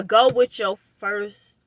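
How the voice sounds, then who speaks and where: A young woman, telling a personal story to her viewers in an animated, casual way and calling them y'all. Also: mid-range voice, extremely slow, no echo, clean studio sound.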